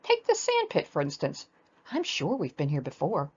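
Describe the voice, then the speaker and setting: As a woman reads it, a fussy, bossy rabbit with clipped, excitable speech. Slightly low, on a dull, lo-fi recording. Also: normal speed, breathy edge, heavily acted. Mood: self-assured. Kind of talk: storybook read-aloud.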